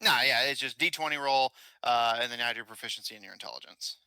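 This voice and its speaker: A man's voice: mid-range voice, quick pace, pushed and bright, clean tone, dry recording, rough recording. A man running an online tabletop game as game master, chatty and laughing between lines, full of uhs.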